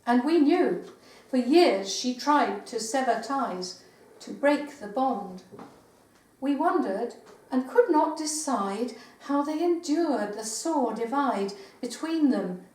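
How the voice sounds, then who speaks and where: An older woman poet giving a live poetry reading in a meeting house, with measured recitation and hesitant spoken asides. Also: high voice, animated, darkish tone. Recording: roomy live recording from far off.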